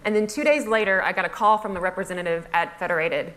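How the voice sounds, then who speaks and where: A woman's voice: mid-range voice, fast, fairly bright tone. A woman giving a humorous storytelling talk on a festival stage, wry and self-mocking, often laughing through her lines. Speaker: conference speaker.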